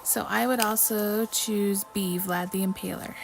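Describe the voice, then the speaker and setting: A woman's voice: on the high side, moderate pace, creaky, hardly any pauses, music in the background, rough recording. A woman hosting a casual livestream while crafting, chatting with viewers, reading trivia questions and often apologizing. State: mouth full of chocolate at times. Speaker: livestream host.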